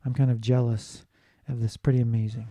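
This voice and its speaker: A man delivers a recorded lecture in a deep, very mellow tone. He explains things patiently and often checks in with his listeners. The sound is dry and close, with almost no room around it. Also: level tone, a little fast, no room sound. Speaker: teacher.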